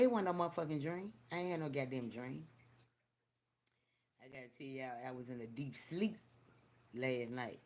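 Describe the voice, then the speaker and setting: An older person hosting a live stream, telling stories in an animated, profane way and talking straight to viewers. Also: medium pitch. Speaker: livestream host. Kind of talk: casual live-stream storytelling.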